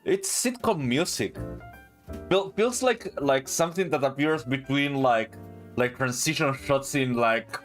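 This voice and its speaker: A man's voice: medium pitch, expressive, a little slow. A man streaming a game, talking casually in a rambling way, full of fillers and the odd swear. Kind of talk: casual let's-play commentary. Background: faint game music.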